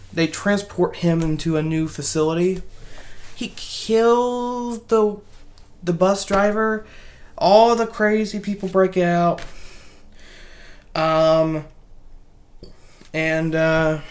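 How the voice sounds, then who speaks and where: A woman giving a casual spoken movie review, rambling and animated, with many restarts. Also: medium pitch, slow pace, pauses often.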